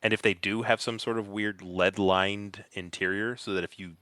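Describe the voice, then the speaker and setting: A man's voice: fairly low pitch, fairly even intonation, moderate pace, sharp tone, no echo. A man co-hosting a casual podcast chat, rambling as he reasons things out aloud, his voice coming through a bad mic that makes it sound robotic. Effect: robotic distorted voice from a bad mic. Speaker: podcast co-host.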